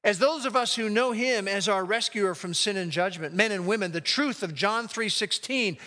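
A man preaching a sermon as a pastor, emphatic and slowing down to read scripture aloud. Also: high voice, bright, forceful tone. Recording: long hall reverb.

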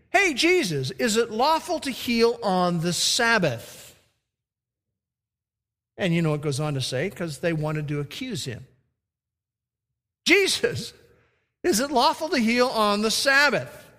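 This pastor has a high-pitched male voice and moves his sermon between booming emphasis and slow, hushed stress. A large hall's long reverb surrounds the recording.

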